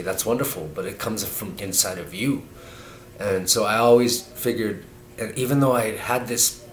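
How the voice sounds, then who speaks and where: Earnest low-voiced man musing, echoey room. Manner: meandering, earnest, many restarts and fillers. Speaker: vlogger. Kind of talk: rambling spiritual monologue. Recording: echoey room with faint noise.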